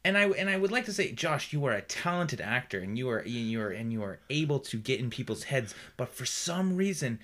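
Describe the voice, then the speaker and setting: A man's voice: medium pitch, sing-song, fairly quick, few pauses, fairly bright tone. A man co-hosting a podcast, chatting casually, teasing and laughing often. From West Coast of the US. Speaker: podcast co-host. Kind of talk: casual chat.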